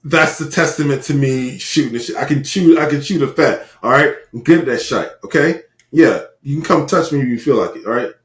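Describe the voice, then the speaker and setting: A man co-hosting a podcast in casual chat, with profane, animated banter. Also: mid-range voice, brisk, echoey room. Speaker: podcast co-host.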